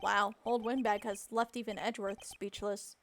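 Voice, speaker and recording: A woman's voice: medium pitch, level tone, moderate pace, slight background noise. A young woman playing and chatting through a courtroom game, giggly and playful. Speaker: game streamer. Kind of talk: casual game commentary.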